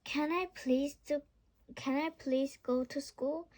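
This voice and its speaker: A woman's voice: high voice, fairly even intonation, slow, darkish tone. A woman voicing an eager, friendly young girl witch while reading a storybook aloud.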